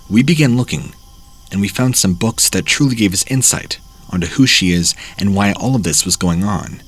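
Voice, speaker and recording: A man narrating first-person horror stories as the host of a channel, reading in a plain, steady way. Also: fairly low pitch, moderate pace, breathy edge.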